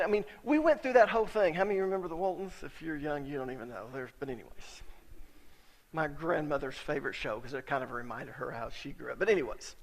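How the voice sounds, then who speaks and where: A middle-aged man preaching a sermon as a pastor, telling stories in a conversational way and sometimes getting suddenly loud for emphasis. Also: a little high, fast, creaky, long reverb tail.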